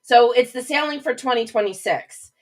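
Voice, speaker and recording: A woman's voice: a little high, moderate pace, low-quality recording. A woman hosting a casual livestream, chatting and rambling between topics and greeting viewers by name. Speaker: livestream host.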